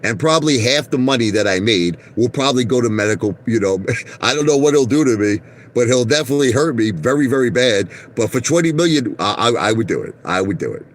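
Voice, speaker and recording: A man's voice: medium pitch, expressive, fast, dry recording. A middle-aged man from Brooklyn, telling rambling, boastful stories to his viewers from inside his car and repeating "listen to me" and "okay?". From Brooklyn, New York. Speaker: vlogger.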